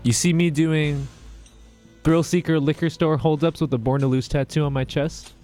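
A man's voice: a little high, fairly even intonation, normal speed, mellow, faint music behind, natural voice. A man reading the part of a hardened male career criminal in an amateur script read, clipped and defiant.

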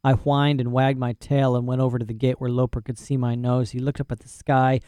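A man's voice: mid-range voice, little pitch movement, brisk, dark tone, smooth, no echo, clean studio sound. A man narrating a story in first person with a folksy, boastful manner and rural dialect grammar. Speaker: audiobook narrator.

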